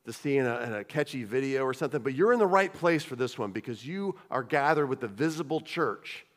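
A man's voice: mid-range voice, expressive, brisk. A man preaching a conversational sermon as pastor of his church, often repeating and restarting phrases. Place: church sanctuary. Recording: long hall reverb.

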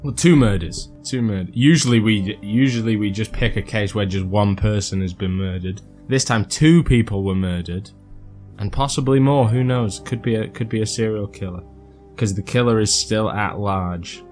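A man's voice: fairly low pitch, normal speed, darkish tone, faint music behind. A man hosting a casual podcast, joking and rambling as he introduces his guest. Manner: playful, rambling, jokey. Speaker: podcast host.

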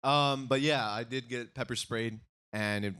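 A man co-hosting a casual podcast, his voice at an ordinary middle pitch. He teases his co-host in a laid-back way, laughs often, and swears without a second thought. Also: unhurried, bright, forceful tone, clear, resonant tone.

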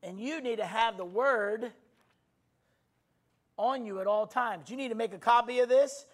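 A man preaching a sermon, leading the congregation in loud, emphatic call-and-response declarations and repeating his phrases. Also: very high voice. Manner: emphatic, repeats phrases, stretches words slowly while shouting. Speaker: pastor.

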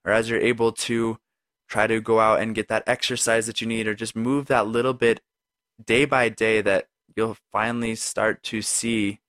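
A man's voice: on the low side, level tone, moderate pace, a bit bright, no room sound, clean studio sound. A man hosting a solo podcast, talking earnestly and conversationally straight to the listener. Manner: conversational, with frequent "right?" and "like". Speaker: podcast host. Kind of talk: reflective solo podcast talk.

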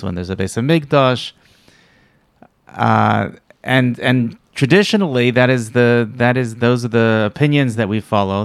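A man's voice: fairly low pitch, clear, resonant tone, no echo. A man interviewing a rabbi, thinking aloud in a hesitant, thoughtful way. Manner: thoughtful, hesitant, many restarts. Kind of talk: conversational interview.

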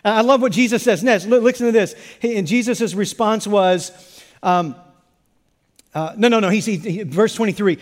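A man's voice: high-pitched, moderate pace, in a large hall. A male pastor preaching a sermon emphatically, repeating phrases and restarting words as he builds each point.

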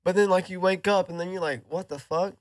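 A man's voice: sits high, fairly quick, dry recording, studio quality. A young man chatting casually on a podcast, rambling with lots of fillers. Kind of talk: casual chat.

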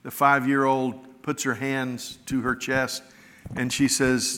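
A man's voice: mid-range voice, level tone, measured pace, pushed and bright, slight background noise. A middle-aged man preaching a sermon as a pastor, telling stories in a folksy, earnest, conversational way. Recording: long reverb of a large hall.

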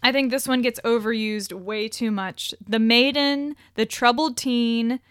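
A woman's voice: a little high, steady tone, unhurried, smooth, no room sound, clean studio sound. A woman co-hosting a casual podcast chat, reading out descriptions with wry asides and frequent laughs. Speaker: podcast co-host.

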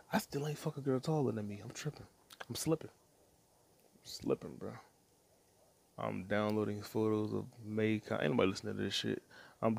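Crude, gravelly man rambling solo. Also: fairly low pitch, darkish tone. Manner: crude, profane, jumps between topics; mutters to himself while browsing and watching. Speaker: solo podcast host. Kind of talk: rambling casual monologue.

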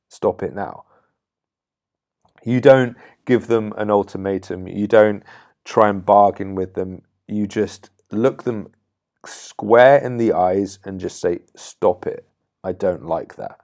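A man giving firm, blunt coaching advice to camera, swearing freely and now and then demonstrating a low, clipped, intense tone. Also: darkish tone. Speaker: confidence coach. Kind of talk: direct-to-camera advice talk.

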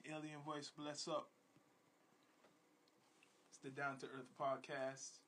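A male podcast host who talks in laid-back slang and keeps repeating shout-outs and slogans. His voice is bright and a bit high, and it stays level in pitch, with a faint ambient hiss behind him. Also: level tone, slow. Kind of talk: casual podcast chat.

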